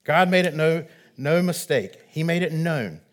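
Male preacher, slow deliberate sermon delivery, earnest and swelling on key phrases. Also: a little high, lively intonation.

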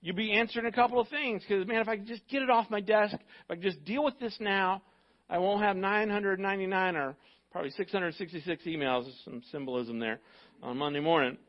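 A man preaching as a pastor, animated and joking, acting out the excuses people make. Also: high-pitched, a little fast, lo-fi sound. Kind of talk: sermon.

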